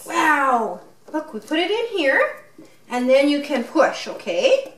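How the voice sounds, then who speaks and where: A parent filming her toddler at play speaks slowly in a high-pitched, fairly bright voice with big pitch swings. She encourages him with lots of sing-song questions during the unboxing vlog, recorded roomily from a distance.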